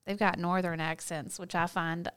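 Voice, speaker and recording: A woman's voice: fairly low pitch, little pitch movement, normal speed, a bit bright, clear, resonant tone. A young woman with a Southern accent, chatting casually and sassily as a co-host, swearing and joking freely. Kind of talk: casual chat.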